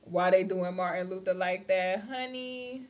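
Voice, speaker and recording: A woman's voice: medium pitch, a little slow. A woman hosting a casual celebrity gossip livestream, chatty and calling her viewers "honey" as she reads their comments. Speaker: livestream host. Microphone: phone or webcam on a live stream.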